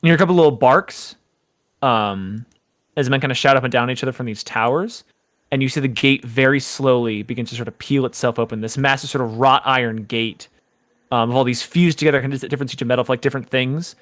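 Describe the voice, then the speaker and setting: A man's voice: mid-range voice, fast, a bit bright, no echo. A man narrating a tabletop horror game as game master, laid-back and full of hesitations.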